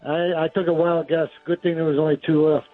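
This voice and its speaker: A man calling in to a radio show, easygoing and quick to laugh. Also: a little high, level tone. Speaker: caller. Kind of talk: casual call-in chat. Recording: tinny phone line with faint music.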